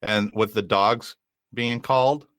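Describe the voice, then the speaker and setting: Man, podcast co-host, measured casual talk, fairly low voice, dry sound. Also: fairly even intonation, a bit bright, no room sound. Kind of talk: casual chat.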